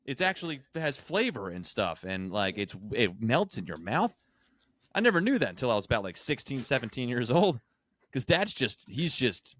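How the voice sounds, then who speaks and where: A man with a mid-range voice and a lively, swinging delivery, co-hosting a podcast. He talks emphatically and swears casually. The recording is dry and close. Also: medium pitch, moderate pace, no room sound. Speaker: podcast co-host. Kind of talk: casual chat.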